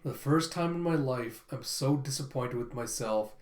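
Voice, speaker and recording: A man voicing a crushed young male tennis rival, reading his lines quietly and dejectedly. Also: medium pitch, moderate pace, natural voice. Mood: defeated. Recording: roomy echo.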